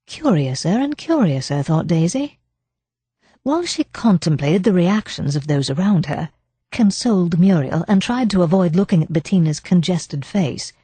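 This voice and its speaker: A woman narrating a cozy mystery audiobook in an even, measured storytelling style. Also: on the low side, slightly rough, no echo. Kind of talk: scripted narration.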